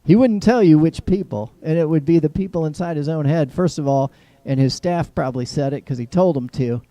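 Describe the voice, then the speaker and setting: A man's voice: on the high side, brisk, warm tone, dry recording. A middle-aged man hosting a live political monologue, joking and sarcastic, laughing at his own jokes and mocking others with put-on voices. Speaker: show host.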